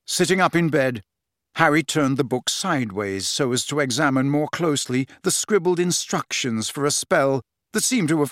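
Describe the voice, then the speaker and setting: A man narrating a fantasy novel as an audiobook, with expressive storytelling. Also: medium pitch, no room sound, clean studio sound. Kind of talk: scripted narration.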